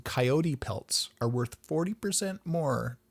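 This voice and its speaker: A man's voice: on the high side, expressive, slow. A man co-hosting a podcast in casual chat, easygoing, with dry asides and frequent backchannels. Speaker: podcast co-host.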